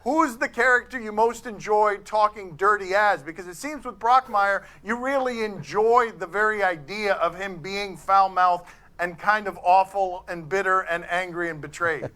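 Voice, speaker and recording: A man's voice: high-pitched, moderate pace, sharp tone. A man hosting a TV talk show, asking playful, probing questions. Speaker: TV host.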